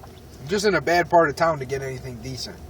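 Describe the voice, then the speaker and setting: A man's voice: mid-range voice, fast talker, far from the mic, a little hiss or hum. A man telling a profane, rambling story in an irritated tone, talking from a parked car. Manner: irritated, swearing, rambling with restarts. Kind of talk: profane ranting story vlog.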